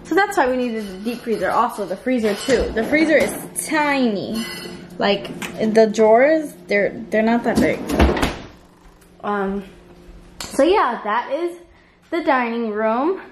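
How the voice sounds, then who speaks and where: Walking through her apartment with a handheld phone camera, a woman gives a casual home tour, rambling with ums and little laughs. Her voice is a little high, animated, and unhurried, with heavy background noise indoors.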